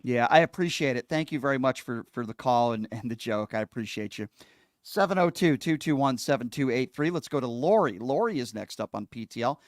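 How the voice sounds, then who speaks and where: A man's voice: mid-range voice, expressive, a little fast, no echo, clean studio sound. A man hosting a talk radio call-in show, talking in a heated, outspoken way and leaning hard on his words. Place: radio studio.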